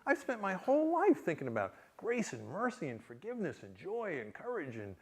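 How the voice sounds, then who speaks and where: At a public reading, a New York City author tells his audience a funny story at his own expense, frequently starting over. He speaks fairly quickly in a high voice with huge pitch swings and a breathy edge.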